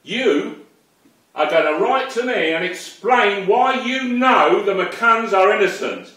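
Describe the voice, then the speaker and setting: A man delivers an unscripted rant to camera, angry and profane, his voice set a little high and swinging widely in pitch. He speaks slowly and deliberately, and his voice echoes strongly around the room, picked up well away from the mic. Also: lively intonation, pushed and bright, distant mic. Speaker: online commentator.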